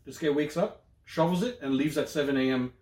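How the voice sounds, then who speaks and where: A Canadian man rambles through a casual podcast chat, swearing freely and slinging slang. His voice sits a little high for a man. The room around him rings with echo. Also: fairly quick, a little mellow. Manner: loose, profane storytelling with slang. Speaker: podcast co-host.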